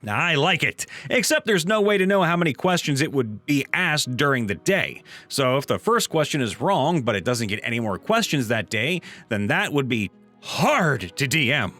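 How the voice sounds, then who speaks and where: Playful guy reading reddit-style stories, bright voice, bouncy delivery, light music under it. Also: mid-range voice, moderate pace. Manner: animated, playful. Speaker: narrator reading viewer stories. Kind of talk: reading online comments aloud.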